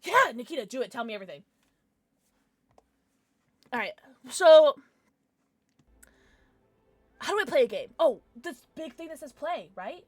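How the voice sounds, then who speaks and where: A woman's voice: high-pitched, sing-song, unhurried, pauses often. A young woman live-streaming, chatting casually and giggling with her viewers. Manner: jumps between soft mumbles and loud squeals. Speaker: livestreamer.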